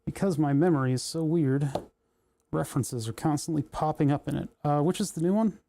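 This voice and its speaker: A man's voice: a little high, a little fast, vocal fry, warm tone, slight background noise. A man hosting a livestream, chatting casually and thinking aloud with joking asides as he solders. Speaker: livestream host building electronics.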